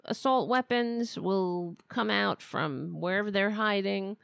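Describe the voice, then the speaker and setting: A woman's voice: medium pitch, slow, creaky, hardly any pauses, no room sound, studio quality. A woman hosting a podcast, giving sarcastic, mocking, profane political commentary. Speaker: podcast host.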